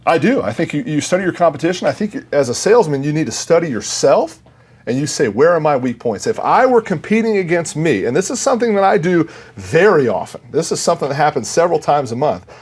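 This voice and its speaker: A man's voice: a little high, big pitch swings, fast, darkish tone, breathy edge. A man who works in sales, a guest on a podcast, telling earnest stories and quoting the people in them. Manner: earnest storyteller, quotes himself and others. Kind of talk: casual interview chat.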